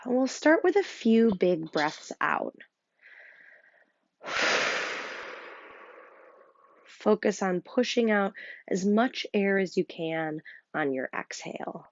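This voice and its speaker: A woman with a Rochester, New York accent, gently guiding a breathing lesson as a yoga teacher. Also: mid-range voice, expressive, dry recording, highs cut off. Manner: slow, gentle, soothing guidance with fillers.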